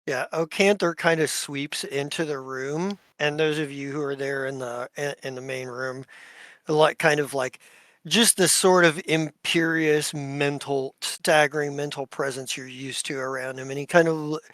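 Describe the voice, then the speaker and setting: A man narrating a tabletop role-playing game as its game master, slow and deliberate. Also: a little high, fairly even intonation, fairly bright tone, no echo. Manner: slow, deliberate narration with voiced NPC lines.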